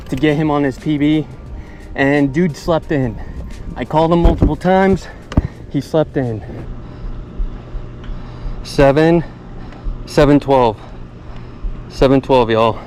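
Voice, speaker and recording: A man's voice: mid-range voice, darkish tone. A man talking straight to his viewers in a casual fishing vlog while out on a boat on a lake. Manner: chatty, talks straight to viewers, says y'all often. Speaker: fishing vlogger. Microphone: action camera on the boat. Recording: outdoor boat noise. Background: boat and water ambience.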